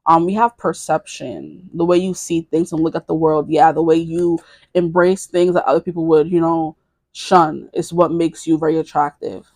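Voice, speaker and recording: A woman's voice: low voice, fairly even intonation, moderate pace, darkish tone, no room sound. A woman in her twenties giving a casual tarot reading to camera, rambling, correcting herself and giggling. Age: 20s. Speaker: tarot reader.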